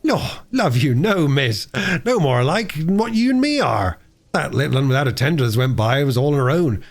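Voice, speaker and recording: A man's voice: medium pitch, expressive, moderate pace, pitched above the performer's own voice. A man reading aloud voices a chatty, friendly railway porter with folksy dialect.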